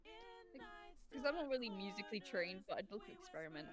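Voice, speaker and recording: A woman's voice: medium pitch, wildly swooping pitch, brisk, a crowd in the background. A woman in casual chat, giggly and saying like a lot.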